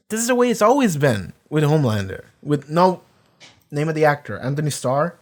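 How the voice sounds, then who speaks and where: A man giving casual reaction commentary on a TV episode. He rambles excitedly and swears freely. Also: a little high, normal speed. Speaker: TV reaction YouTuber.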